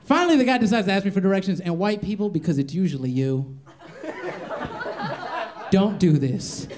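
Young man, stand-up comic, brash, teasing, high voice, roaring audience laughter. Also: expressive, moderate pace. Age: young adult. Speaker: stand-up comedian. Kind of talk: stand-up comedy set. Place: comedy club stage. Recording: live club audio with crowd laughter.

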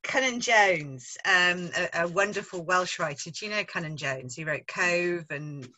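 A woman's voice: lowish voice, measured pace, sharp tone, a little hiss or hum, low-quality recording. A woman interviewing a fellow author, speaking eagerly with many fillers and restarts over a video call.

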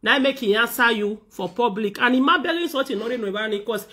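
A woman with a Nigerian Pidgin accent, delivering an animated, scolding rant to the camera as a vlogger. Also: on the high side, quick pace. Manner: scolding, animated, acts out others' words. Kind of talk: ranting monologue to camera.

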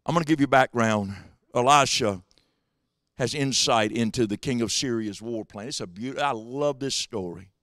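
A man preaching a sermon as pastor, swinging between quiet asides and shouted exhortations. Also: mid-range voice, moderate pace, no room sound, studio quality. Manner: swings from hushed to shouting, drawling preacher cadence. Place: church sanctuary.

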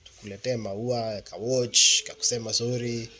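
A man's voice: medium pitch, little pitch movement, normal speed, sharp tone, a little hiss or hum. A Kenyan man chatting casually and teasingly as a husband in a couple's vlog. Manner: joking, teasing, mixes in Swahili. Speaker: vlogger, husband. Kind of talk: casual chat.

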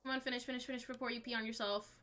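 A bright-voiced young woman with a fairly high pitch, chatting to her stream audience as she plays. She reacts aloud and excitably, and faint background noise and mouse clicks sit under her voice. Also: rapid-fire. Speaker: game streamer. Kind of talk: live-stream gameplay chat with viewers.

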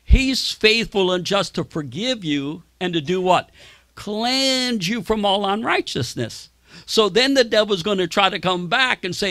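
A man's voice: high voice, very animated, moderate pace, gravelly, bright, forceful tone, dry recording. A man preaching a sermon, telling personal stories and quoting people in raised voices. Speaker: pastor.

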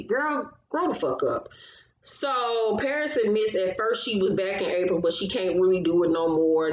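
A woman's voice: mid-range voice, reverberant, poor audio. A woman recapping a reality show in casual commentary, blunt and profane, getting heated as she gives her opinions.

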